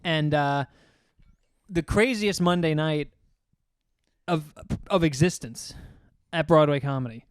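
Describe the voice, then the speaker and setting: Brief: young male comedian, lively storyteller, smooth clear voice. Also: a little high, slow, pauses often, no room sound, clean studio sound. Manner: animated, rambling, acts out quotes. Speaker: comedian and podcast host. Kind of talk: casual storytelling chat.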